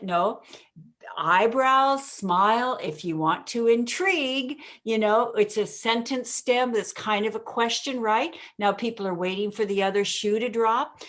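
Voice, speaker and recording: A woman speaking as an interview guest, explaining how to deliver a message, acting out her points with pauses and stretched words, often laughing. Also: mid-range voice. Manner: expressive, demonstrates delivery with pauses and emphasis; laughs often while talking. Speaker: communication coach, guest.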